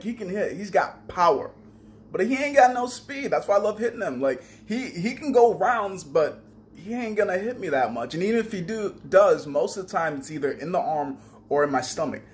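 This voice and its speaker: A man's voice: fairly high pitch, slight background noise. A young man casually telling a story on a vlog, swearing freely and acting out his own trash talk. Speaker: vlogger.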